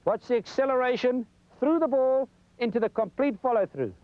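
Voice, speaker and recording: On a muffled 1990s TV recording, a very high-pitched golf instructor talks at a normal speed, walking viewers through a folksy lesson while he demonstrates.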